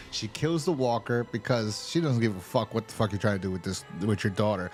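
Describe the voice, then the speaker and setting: At normal speed and with a mid-range voice, a man casually recaps a TV episode over soft background music. His review is rambling and profane, and he performs the characters' quotes himself.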